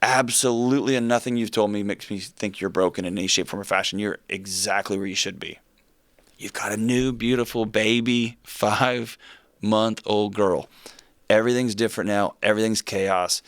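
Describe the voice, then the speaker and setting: A man in his forties hosting a call-in advice show, talking in a warm, reassuring, conversational way. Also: on the low side, steady tone, moderate pace, no echo.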